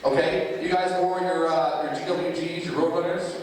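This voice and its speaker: A man with a slightly higher voice speaks to a school assembly and tells a lively story straight to the crowd. He is recorded from far off through a PA system in a big gym. The sound is full of echo and long reverb. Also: normal speed, a little hiss or hum. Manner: animated storytelling that addresses the crowd directly. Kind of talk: speech to a student audience. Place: large school gymnasium.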